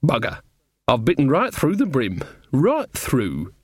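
Guy doing a gossipy old witch lady, folksy and rambling, higher voice, dry close sound. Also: huge pitch swings, a little slow, slightly rough, dry recording, exaggerated voice. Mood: gossipy, flustered. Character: chatty old village witch woman, nervous.

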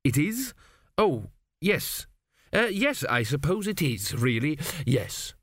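A man's voice: big pitch swings, slow pace, a bit bright, dry recording, clean studio sound, full character voice. A man voicing a nervous, unsure young king who hesitates and stammers. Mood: flustered. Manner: hesitant, stammering, raised pitch.

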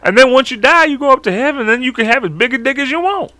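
A man's voice: extremely high pitch, lively intonation, rapid-fire, bright, forceful tone, no room sound, pitched above the performer's own voice, exaggerated voice. A man voicing a cheerful, self-righteous male superhero who is really a serial killer, in a raised, earnest voice. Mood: cheery.

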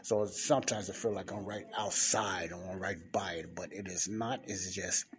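A man giving an informal podcast Bible teaching in a library study room, rambling and repeating himself while keeping his voice low, close to the mic. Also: fairly even intonation, moderate pace. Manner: rambling, repeats and restarts words, talks low and quiet. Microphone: speaking close to the mic. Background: faint passing traffic.

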